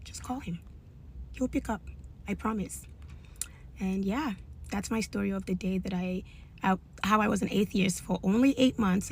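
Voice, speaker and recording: A woman gives an emphatic, devout personal testimony. Her voice sits fairly low. A faint noise runs underneath. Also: darkish tone. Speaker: storyteller.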